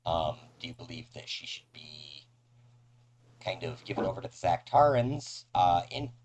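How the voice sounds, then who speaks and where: A man's voice: low-pitched, lively intonation, normal speed, a little mellow, breathy edge, poor audio. A man narrating as game master of a tabletop game, casual and hesitant with many fillers.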